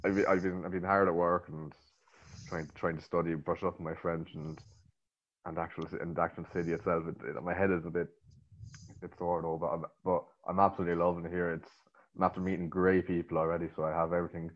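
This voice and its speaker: Deep-voiced Irish man with a Kilkenny accent. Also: level tone, fast, muffled recording. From Ireland. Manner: chatty, stammering restarts, laughing easily. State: tired. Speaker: podcast co-host. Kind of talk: casual chat. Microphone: remote call.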